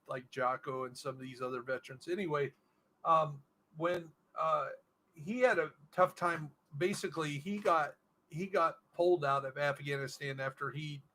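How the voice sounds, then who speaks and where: On a low-quality recording, a middle-aged man streaming a game rambles through a long story, restarting often and leaning on fillers. He sounds bright and forceful, with a voice on the high side.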